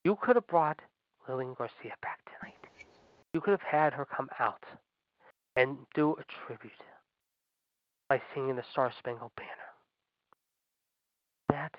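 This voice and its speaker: A man's voice: on the high side, lively intonation, a little slow, pauses often, no room sound. A man hosting a wrestling podcast, ranting in a profane, sarcastic and fired-up way. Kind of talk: ranting commentary. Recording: dull lo-fi dry recording.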